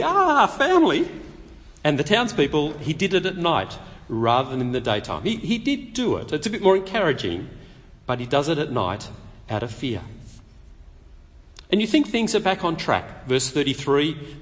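A man preaching a sermon, telling the story lively and acting out the quotes. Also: a little high, long reverb tail.

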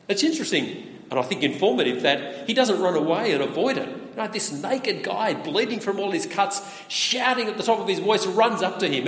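A man's voice: fairly high pitch, a bit bright. A man preaching a sermon in a conversational way, often putting rhetorical questions to the listeners. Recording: echoey hall with reverb.

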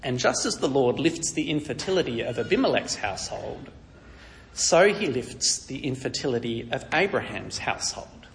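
A man's voice: medium pitch, sing-song, normal speed, gravelly, big-room sound, slight background noise. A man preaching, teaching a Bible story in a conversational way with wry asides.

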